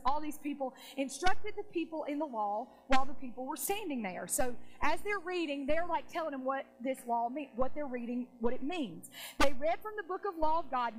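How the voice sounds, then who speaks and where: A woman pastor preaching a sermon in church, animated and slowing down for emphasis. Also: high-pitched, low-quality recording.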